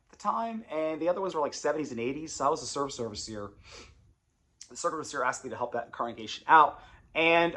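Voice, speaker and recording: A man's voice: a little high, sharp tone. A man and former congregation elder telling his story in a casual, confessional way, rambling and repeating phrases.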